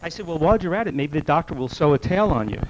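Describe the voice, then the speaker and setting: A man's voice: on the high side, expressive. A man doing a stand-up comedy set on a club stage, firing off one-liners and briefly putting on voices for the people in his jokes. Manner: rapid one-liner delivery, quick voices for characters in the jokes. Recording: noisy old club video recording.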